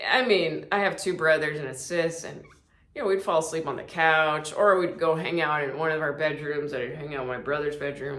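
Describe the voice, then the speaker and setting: Animated woman telling funny stories. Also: low voice, roomy sound. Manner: animated, acts out quotes in voices, laughs often. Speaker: comedian podcast host. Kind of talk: casual storytelling monologue.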